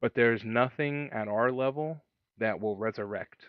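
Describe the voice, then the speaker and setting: A man playing a tabletop game, calmly explaining the rules in casual chat. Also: mid-range voice, unhurried, clean tone, no echo, phone-quality sound. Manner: calm, explains rules plainly.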